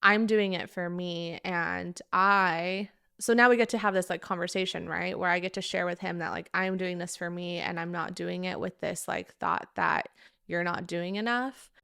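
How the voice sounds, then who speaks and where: A woman in her thirties tells a relationship story candidly and reflectively, with plenty of fillers. Her voice sits low and has a gravelly edge, yet it stays smooth. The sound is close and dry. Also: fairly even intonation, a little fast, a bit bright, no echo. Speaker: relationship vlogger. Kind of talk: casual talk to camera.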